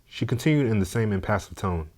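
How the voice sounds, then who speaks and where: A man narrating a story in a steady, measured, scripted way. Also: lowish voice.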